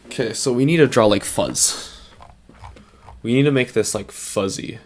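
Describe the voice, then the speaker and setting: A man's voice: mid-range voice, moderate pace. A young man chatting casually and joking at his own expense while he draws his own avatar. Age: young adult. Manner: goofy, self-mocking rambling. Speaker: vtuber artist. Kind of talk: casual drawing commentary.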